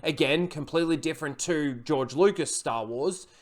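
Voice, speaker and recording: A man's voice: fairly high pitch, moderate pace. A man recapping and reviewing a TV episode in a casual, rambling way, full of fillers and blunt, profane criticism.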